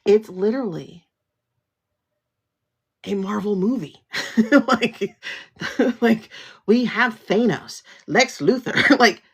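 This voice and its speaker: Female livestream host; blunt, sassy, laughing rant; husky voice with lots of fry. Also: mid-range voice, expressive, takes it slowly, pauses often. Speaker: tarot reader and livestream host. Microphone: phone livestream.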